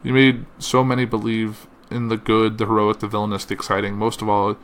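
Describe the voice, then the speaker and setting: A man's voice: fairly low pitch, monotone. A man hosting a podcast, reading a tribute and quoted messages aloud, with slips and uh fillers. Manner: reads slowly with uh fillers and slips. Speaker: podcast host.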